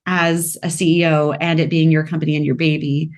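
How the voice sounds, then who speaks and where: A woman in her thirties, a founder talking as a podcast guest, lively, acting out her own quoted thoughts in a higher voice. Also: brisk. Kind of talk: conversational interview.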